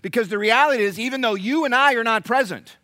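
Male pastor, middle-aged, high bright voice, dry close sound, lively sermon. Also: fast, dry recording. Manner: animated, conversational, quizzing the congregation. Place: church sanctuary.

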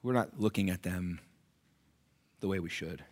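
Preaching unhurriedly, this middle-aged pastor alternates between softly told stories and loud, high-pitched calls to his listeners.

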